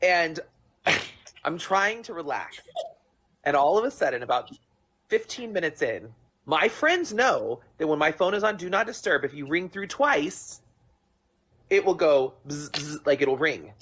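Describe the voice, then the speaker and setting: Animated, self-mocking woman telling a story. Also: low voice, unhurried, long pauses, slightly rough. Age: young adult. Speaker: author, guest. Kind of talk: casual chat, storytelling.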